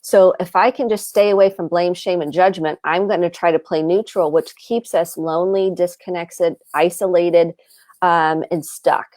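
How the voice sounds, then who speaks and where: Middle-aged Midwestern woman therapist, earnest advice with example lines; lowish voice, dry close sound. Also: steady tone, normal speed, a little mellow, no echo. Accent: American Midwest. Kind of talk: advice talk on a live show.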